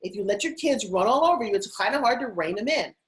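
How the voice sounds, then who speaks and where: A middle-aged woman guest telling stories in an interview, animated and putting on voices now and then. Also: fairly high pitch, fast, poor audio. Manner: animated, acts out her kids' voices. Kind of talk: interview storytelling.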